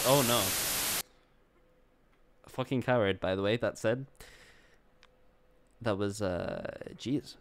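A man hosting a game playthrough, reacting excitably and swinging between jokes and sincere remarks, often swearing and calling people "dude". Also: lowish voice, slow, long pauses, slight background noise. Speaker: gaming video host. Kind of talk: let's play commentary. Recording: game sounds and sirens loud behind the voice.

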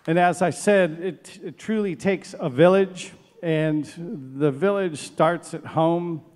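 A man's voice: fairly high pitch, slow, long reverb tail. A man, director of a steel band, giving heartfelt thank-yous to a live concert audience from an outdoor stage. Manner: emotional, warm thanks, chokes up.

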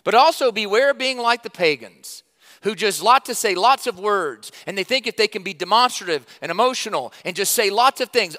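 Bright-voiced preacher in an echoey hall. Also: male voice, high voice, expressive, a little fast. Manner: emphatic, conversational preaching with sudden loud stresses and quiet drops. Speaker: pastor. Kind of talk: sermon.

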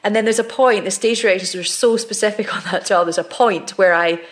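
A woman's voice: medium pitch, fairly quick. A woman actress, a podcast guest, telling candid stories in casual conversation with frequent restarts.

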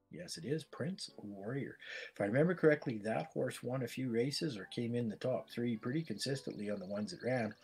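A man's voice: on the low side, a little mellow, breathy edge. A man with a Canadian accent, calling bids as an auctioneer in a chatty, repetitive way. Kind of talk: live virtual-world auction calling.

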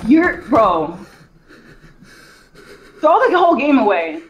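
A man's voice: very high voice, sing-song, unhurried, long pauses, a bit bright, slight background noise, poor audio. A man trash-talking a beaten gaming opponent, teasing and gloating. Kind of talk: trash talk over a voice call.

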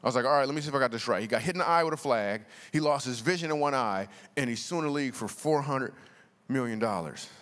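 A man speaks as a guest preacher, keeping his sermon casual and funny while joking back and forth with the crowd. He has a medium-pitched, expressive, somewhat bright voice and talks quickly. The live sermon echoes with long reverb from the large church hall.

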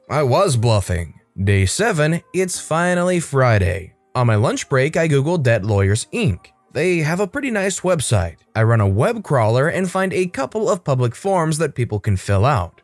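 Animated male story narrator. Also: a little high, dry recording. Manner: animated first-person retelling. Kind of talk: scripted narration of a first-person online story.

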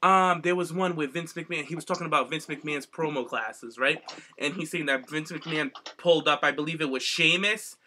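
A man co-hosting a casual podcast chat, enthusiastic and excitable, who swears freely. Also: on the high side, brisk. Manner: enthusiastic, excitable, swears and laughs while retelling stories. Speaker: podcast co-host.

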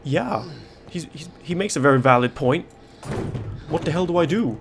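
A man's voice: a little high, expressive, normal speed, background noise. A man giving let's play commentary, panicking, swearing and joking to himself. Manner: panicky, swearing, jokey self-talk. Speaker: game streamer.

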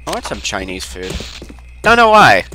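Gamer guy, jokey rambling commentator, very swingy pitch, with game music clearly audible. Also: wildly swooping pitch, moderate pace. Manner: goofy, rambling, jokey asides. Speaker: gameplay commentator. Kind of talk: casual let's-play commentary.

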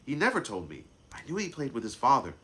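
A man voicing a grieving, gentle mother in a storybook read-aloud, speaking softly and slowly with sighs. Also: mid-range voice, wildly swooping pitch, pitched above the performer's own voice. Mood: sad, soft. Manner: slow, sighing, tearful lines. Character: grieving gentle mother, soft-spoken, tired.

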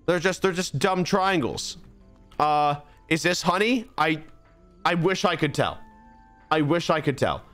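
A man's voice: on the high side, expressive, a little slow, a bit bright, faint music behind. A young man streaming a game, talking through it in a rambling, exasperated, self-mocking way. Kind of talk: casual gameplay commentary.

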